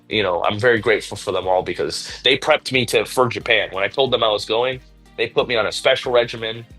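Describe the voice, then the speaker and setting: Tired low-voiced man rambling warmly. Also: rough recording. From Puerto Rico and United States. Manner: rambling, laughs between thoughts, heartfelt. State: tired after training. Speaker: pro wrestler, interview guest. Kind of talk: casual interview answers.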